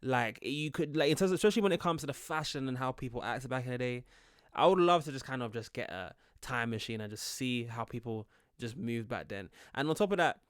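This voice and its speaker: A man's voice: medium pitch, expressive, a little fast, clear, resonant tone, no echo, studio quality. A young British man hosting a reaction video, rambling and chatty as he comments. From Britain. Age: young adult. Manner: rambling, chatty, many fillers.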